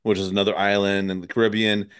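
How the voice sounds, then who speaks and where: Male podcast host, deeper voice, casual and profane, easy laugh. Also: little pitch movement, quick pace, a bit bright, clear, resonant tone. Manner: loose and profane, laughs often. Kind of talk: casual conversation.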